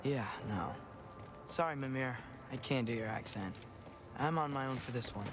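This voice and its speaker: An actor playing an earnest, caring teenage boy in video game dialogue, speaking softly and thoughtfully. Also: medium pitch, normal speed, music in the background, lightly acted. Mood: curious.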